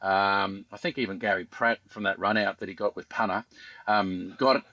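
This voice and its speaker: An Australian man in his fifties, a former fast bowler guesting on a podcast, telling rambling stories with dry humour and lots of ums. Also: lowish voice, steady tone, bright, forceful tone, dry recording, muffled recording. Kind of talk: casual podcast chat.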